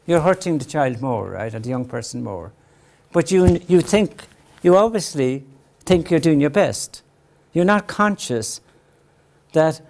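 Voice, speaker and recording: Speaking in a gravelly, darkish voice, an older psychologist lectures parents earnestly on raising children. He voices parents at a higher pitch when acting them out and keeps tagging his points with a questioning "right?".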